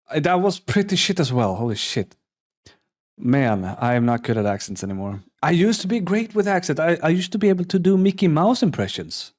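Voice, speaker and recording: A young Polish man, a native Polish speaker, rambles and jokes his way through a live reaction stream, often restarting sentences, mocking himself and swearing. His voice is on the high side and darkish in tone, with big pitch swings at a normal speed.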